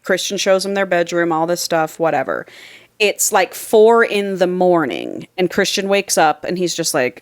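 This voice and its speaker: A woman co-hosting a podcast, recapping a story in loose, casual chat. Her voice sits fairly low for a woman. She talks chattily, swears freely, and slips into voices for the characters. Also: expressive, moderate pace. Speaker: podcast co-host.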